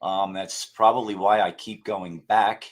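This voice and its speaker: A man's voice: lowish voice, fairly even intonation, unhurried. A man talking casually as a podcast guest, rambling with many fillers and restarts. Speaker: guest paranormal investigator.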